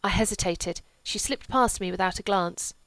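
A woman narrating a novel in a composed, even storytelling manner. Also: mid-range voice, moderate pace, no room sound, rough recording. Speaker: audiobook narrator.

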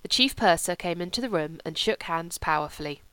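Smooth-voiced woman reading a novel aloud. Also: lowish voice, animated, bright, forceful tone, dry recording. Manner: measured, literary reading. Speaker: audiobook reader. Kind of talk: scripted narration.

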